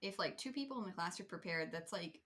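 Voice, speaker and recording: A woman's voice: fairly low pitch, expressive, fast talker, fairly bright tone. A young woman co-hosting a podcast in casual chat, blunt and joking, cheering her co-host on.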